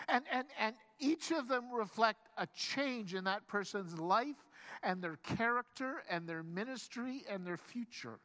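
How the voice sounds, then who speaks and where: Pastor, mid-pitched, lively sermon storyteller who acts out quotes and restarts phrases. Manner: frequent stammered restarts.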